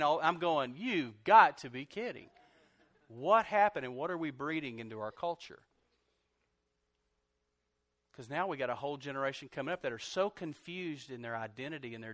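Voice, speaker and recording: A middle-aged man preaching a sermon, animated, swinging from loud outbursts to soft, confessional lines. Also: fairly high pitch, no echo. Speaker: pastor.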